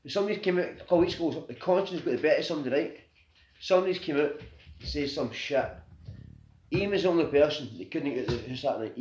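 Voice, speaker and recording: A man's voice: a little high, a little mellow. A Scottish man in his thirties telling a painful personal story, raw and grieving, swearing often and tagging "right?" onto nearly every sentence. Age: 30s. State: grieving and agitated. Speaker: vlogger. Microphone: phone. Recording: echoey room, dull lo-fi phone audio.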